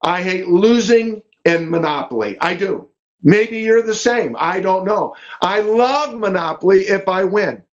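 A man's voice: high voice, a little slow. A male pastor preaching a sermon, reading old-style scripture aloud and repeating key phrases for emphasis. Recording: dull lo-fi sound.

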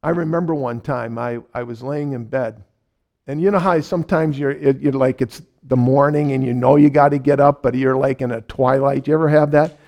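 A middle-aged man preaching a sermon, telling a personal story with lively repetition for emphasis. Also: mid-range voice, moderate pace, creaky. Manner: animated storyteller, repeats phrases for emphasis; ends in a quiet closing prayer. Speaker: pastor.

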